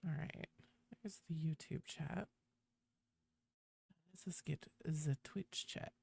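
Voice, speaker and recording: A woman streamer chatting casually with her viewers while gaming. She swears freely and greets people in a high sing-song. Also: takes it slowly, gravelly, warm tone, slightly rough, no room sound. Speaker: game streamer.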